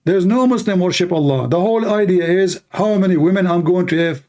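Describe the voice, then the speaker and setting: A man whose first language is Arabic, speaking English with a fairly high voice. He hosts a live debate stream and presses his caller with blunt, mocking questions, repeating each one until he gets an answer. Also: brisk, darkish tone. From Middle East.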